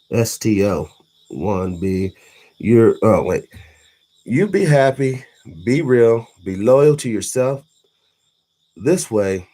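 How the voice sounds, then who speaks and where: Husky-voiced man, blunt and profane, preaching street wisdom to his live chat. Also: on the low side, a little mellow. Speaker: livestreaming vlogger. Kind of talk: late-night monologue to live chat.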